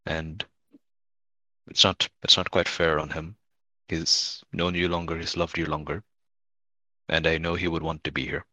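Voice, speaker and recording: A man with a very low voice and a bright edge speaks quietly and earnestly as his character in a tabletop game. The sound is close and dry, with no room around it. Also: no echo, lo-fi sound. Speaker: player.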